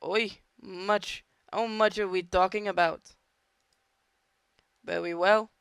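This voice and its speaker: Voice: medium pitch, steady tone, takes it slowly, creaky, a bit bright, smooth, no room sound, studio quality. A gamer voicing a hulking male mercenary villain with a half-attempted Spanish flavor and Spanish words. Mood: businesslike.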